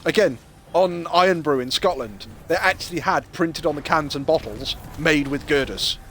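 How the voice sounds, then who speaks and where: A man's voice: a little high, moderate pace, a little hiss or hum. A man with an English accent, a streamer chatting casually and swearing as he talks. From England. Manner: animated, swearing, banter-heavy storytelling. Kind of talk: casual chat while gaming.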